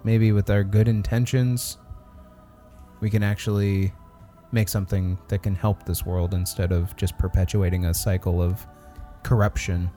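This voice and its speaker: A man's voice: sits low, flat delivery, moderate pace, warm tone, faint music behind. A man playing a tabletop role-playing game, arguing emphatically in character. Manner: emphatic, argumentative. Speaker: player.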